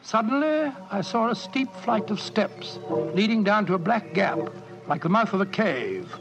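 An actor playing a proper doctor who narrates in a measured, dramatic way, in the style of a 1940s radio drama. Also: male voice, sits high, sing-song, gravelly, exaggerated voice. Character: earnest male doctor narrator, proper and upright. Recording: dull old radio recording with music.

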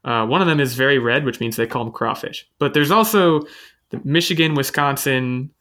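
A man's voice: medium pitch, moderate pace, fairly bright tone. A man hosting a casual podcast chat, chatty and self-mocking, thinking aloud with frequent restarts. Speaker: podcast host.

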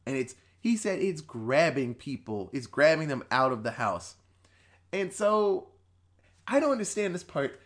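Guy with kinda high voice rambling through a movie plot, swears a lot, laughs here and there. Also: sing-song, unhurried. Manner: profane, rambling storytelling with quoted voices. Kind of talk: casual movie recap chat.

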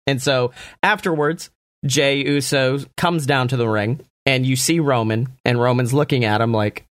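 A young man casually reviewing a wrestling show, excitable and profane, often acting out what the wrestlers say. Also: mid-range voice, moderate pace, no echo, clean studio sound. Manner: profane, excitable, acts out quotes.

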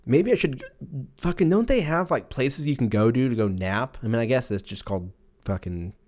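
Male, 30s, podcast host; rambling, cursing, animated delivery. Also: mid-range voice, normal speed. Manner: profane, rambling, jokey, puts on silly voices for quotes. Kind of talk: casual solo podcast rant.

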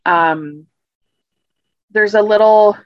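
A woman's voice: medium pitch, extremely slow, dry recording. Woman recapping, dull dry lo-fi sound. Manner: rambling retelling, self-correcting as she goes. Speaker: podcast co-host. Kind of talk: casual episode recap. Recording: dull lo-fi recording.

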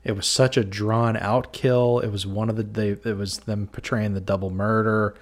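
A man's voice: lowish voice, normal speed. Laid-back man hosting a film podcast. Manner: relaxed, laughs often, acts out scenes. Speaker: podcast host. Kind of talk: casual chat.

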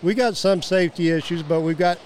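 A man's voice: sits high, fairly quick, a little mellow. A man with a Midwestern American accent who organizes youth archery, explaining tournament logistics in casual conversation. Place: outdoor venue at a fairgrounds.

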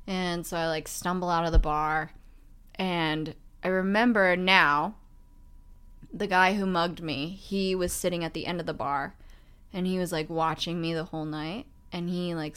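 A young woman talks candidly about her past, her sentences running on and looping back with steady fillers. Her voice sits a little low and comes across smooth and clear. She tells it plainly, without dressing it up. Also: moderate pace. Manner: frank, speaks in loose run-on clauses with many "like" fillers. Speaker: guest. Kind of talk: candid storytelling in conversation.

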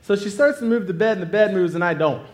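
A man's voice: high-pitched, fast, echoey room. A young man preaching, telling a funny personal story with lots of laughter before turning it to a lesson. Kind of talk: sermon with comic personal story.

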